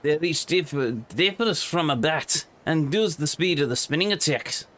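A stern, proud pole-fighting master who speaks in a theatrical, overdone Scottish accent, as a man puts him on. The voice sits slightly on the high side. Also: animated, measured pace, fairly bright tone. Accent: put-on Scottish. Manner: theatrical, over-the-top mock accent.

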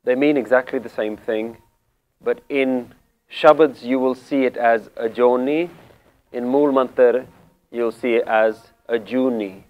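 A man teaching Sikh scripture, explaining word meanings calmly and deliberately, repeating key phrases. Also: mid-range voice, clean tone, muffled recording. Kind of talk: slow spiritual explanation.

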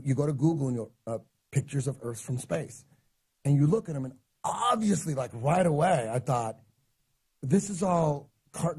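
Husky man in his forties telling a story. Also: on the high side. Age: 40s. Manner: animated storytelling, acting out quoted exchanges. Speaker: guest. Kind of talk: casual chat.

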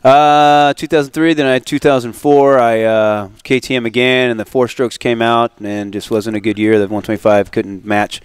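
A man in his forties with a smooth, resonant, mid-pitched voice, recounting racing stories in a loose, animated way. He slips into quoted dialogue and laughs as he goes. The sound is dry and close, with no room to it. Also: normal speed, hardly any pauses, no echo. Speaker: guest, retired motocross racer. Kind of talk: casual storytelling interview.

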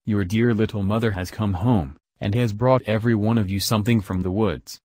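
A man's voice: on the low side, fairly even intonation, fairly quick, darkish tone, dry recording, studio quality, natural voice. A man voicing a big sly male wolf who speaks in a coaxing, deceitful way in a storybook reading. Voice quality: rough-voiced.

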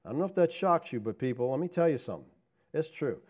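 A fast-talking pastor preaches with animation, firing rhetorical questions at his listeners. His delivery shifts from loud emphasis to low, murmured asides.

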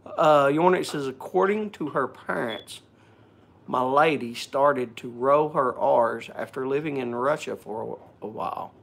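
A man's voice: mid-range voice, a little slow, gravelly, a bit bright. A man hosting a casual live stream, joking and chatting, greeting viewers by name, often repeating and stumbling over words.

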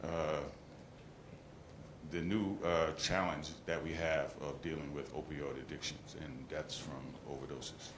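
A man with a very deep voice asks a question from the audience, pausing and searching for words. The sound is roomy and echoey, with clear background noise. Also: fairly even intonation. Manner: measured, hesitant with fillers. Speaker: audience member asking a question.

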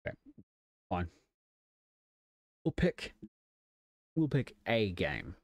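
Wry man walking through a software install. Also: low voice, wildly swooping pitch, very slow, dry recording, studio quality. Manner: wry, self-deprecating asides. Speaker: tech channel host. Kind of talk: casual software tutorial.

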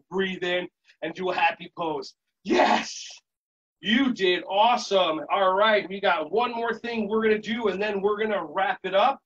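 Upbeat man leading a yoga warm-up. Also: high-pitched, a little slow, dull audio. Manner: upbeat, coaching, playful cues. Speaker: yoga instructor for teachers. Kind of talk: live virtual workshop instruction. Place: home setting.

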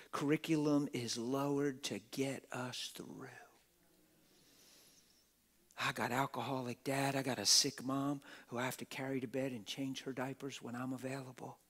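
Middle-aged male preacher, plain street talk, dramatic whisper-to-shout delivery, even mid pitch. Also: a little slow. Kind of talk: sermon. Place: church auditorium.

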